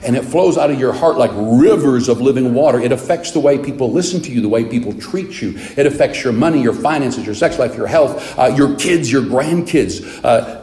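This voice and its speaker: A male preacher with a mellow, relaxed voice delivers a sermon in an animated, storytelling manner. His voice carries the echo of a roomy space. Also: mid-range voice, a little fast, hardly any pauses.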